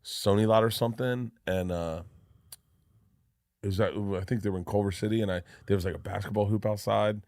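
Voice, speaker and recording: Low-voiced rambling man. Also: steady tone, fairly quick, darkish tone, dry recording, clean studio sound. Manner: rambling, self-deprecating storytelling with many restarts. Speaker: comedian guest. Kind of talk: casual podcast chat.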